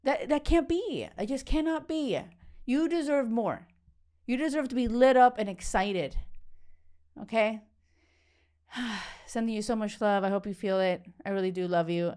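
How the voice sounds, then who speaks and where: A woman's voice: medium pitch, darkish tone, clear, resonant tone. Fired up woman dating coach talking straight to listeners, blunt, swears a lot, stumbles over words. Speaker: dating coach and podcast host. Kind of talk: casual motivational talk.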